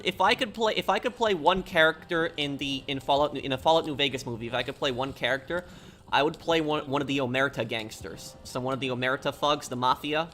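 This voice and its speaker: A man's voice: mid-range voice, sharp tone, a little hiss or hum. A man streaming a video game, chatting casually and rambling through answers to viewers' questions. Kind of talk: casual live-stream chat while gaming.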